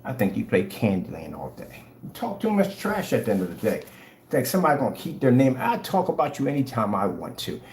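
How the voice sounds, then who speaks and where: A man rants at a rival, mocking and confrontational, his pitch swinging widely as he goes. The voice bounces around an echoey room. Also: wildly swooping pitch, fast talker, darkish tone, slight background noise. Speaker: vlogger. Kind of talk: ranting commentary.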